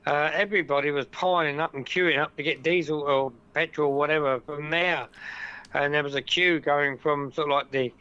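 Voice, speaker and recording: Bright man, lo-fi sound. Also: a little high, clear, resonant tone. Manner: chatty, relaxed storytelling with fillers. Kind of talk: casual chat.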